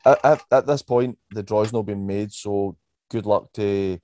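A man with a West of Scotland accent co-hosting a casual podcast, his voice sitting on the low side. He talks in a laid-back way, with plenty of ums. The sound is dry, with no room echo. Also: a little slow, mellow. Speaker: podcast co-host. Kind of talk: casual chat.

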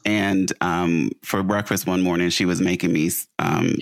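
A man's voice: low voice, steady tone, measured pace, creaky, no room sound. A man, a son, telling family stories in a casual chat, laughing and mimicking his mother.

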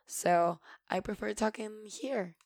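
Gravelly-voiced woman podcaster. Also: mid-range voice, slow, no echo, clean studio sound. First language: Spanish. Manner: chatty and emotional, swears casually, bursts of loud laughter-like emphasis. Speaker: podcast host. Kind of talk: casual solo podcast monologue.

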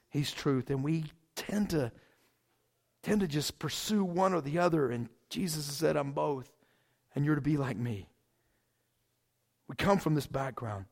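Casual male pastor, high voice, loose sermon full of restarts, swings from loud to quiet. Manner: conversational, says "man" and "like" often, many restarts; swings between loud emphatic bursts and quiet asides.

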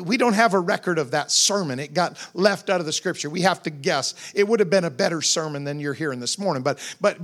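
A pastor with a high-pitched, slightly bright voice preaches a sermon that retells scripture as a story. He dramatizes the scenes conversationally and tosses in humorous asides.

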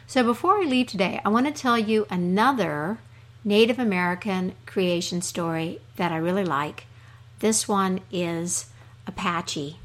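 A woman hosting a storytelling podcast, telling a folk tale in a soft, measured way. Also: lowish voice. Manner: slow, measured, soft delivery.

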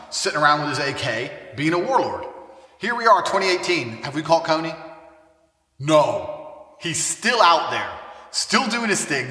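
A brash, boastful man rants to camera in a casual monologue, cursing constantly. His voice is bright and his pitch swings widely as he talks. The sound is distant and echoes around a room with a long tail of reverb. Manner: brash, boastful and heavily profane. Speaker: online personality. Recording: echoey room, mic far off.

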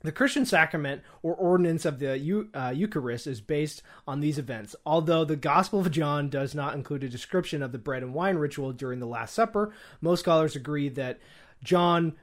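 Young guy on a podcast reading notes, kinda high voice, lots of uh and restarts. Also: moderate pace. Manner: reads notes with frequent fillers and restarts. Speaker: podcast co-host. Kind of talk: casual podcast reading and discussion.

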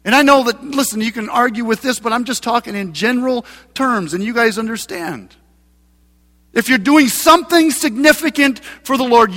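A male pastor preaching a sermon in a church, emphatic and building to loud passages. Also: very high voice. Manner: preaching with rising, emphatic mocking voices for scripture. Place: church sanctuary. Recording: long hall reverb.

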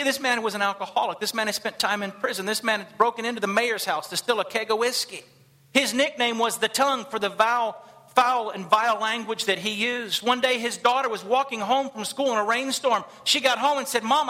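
Fast, bright-voiced male preacher. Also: high-pitched. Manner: animated, acts out quoted voices. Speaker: missionary pastor. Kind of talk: sermon storytelling. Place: church service.

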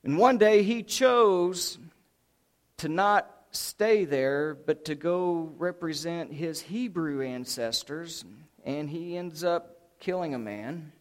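Animated preacher telling Bible stories. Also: male voice, a little high. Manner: animated storytelling, drawn-out emphasis on key words. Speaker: pastor. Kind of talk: sermon.

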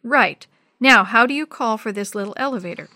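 A woman reading the lines of a nervous, eager young girl in a children's story, with a voice that rises when she gets excited. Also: fairly high pitch, brisk, no echo, clean studio sound. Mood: earnest. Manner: rising, excitable voice that turns frightened.

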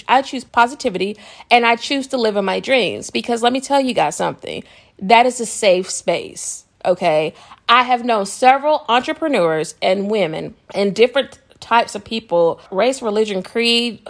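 A woman hosting a podcast, talking casually about spiritual self-help in a rambling way, laughing often and checking in with listeners. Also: a little high. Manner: chatty, rambling, often asks listeners "okay?". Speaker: podcast host.

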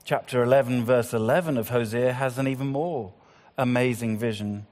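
A man preaching a sermon, swinging between loud appeals and hushed, slow passages. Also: medium pitch, steady tone. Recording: long hall reverb.

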